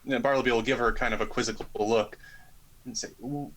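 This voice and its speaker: A man's voice: mid-range voice, steady tone, fast talker, a bit bright, poor audio. Hesitant male tabletop player. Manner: hesitant, in-character decisions. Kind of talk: playing a tabletop game.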